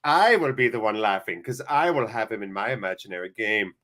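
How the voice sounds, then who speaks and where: A man hosting a live football watchalong, commentating and joking excitably and swearing freely. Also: lowish voice, fairly quick. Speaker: watchalong host. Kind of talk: live match commentary and chat.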